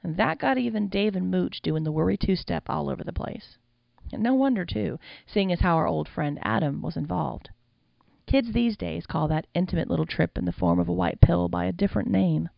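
A woman's voice: lowish voice, moderate pace, gravelly, no room sound, muffled recording. A woman reading an audiobook with wry, conversational storytelling. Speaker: audiobook narrator. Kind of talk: audiobook narration.

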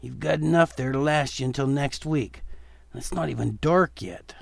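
A man's voice: medium pitch, moderate pace, gravelly, dry recording. A man doing a teasing, good-natured dad. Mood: proud. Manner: teasing, fatherly, turns stern. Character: good-natured father taking his son trick-or-treating.

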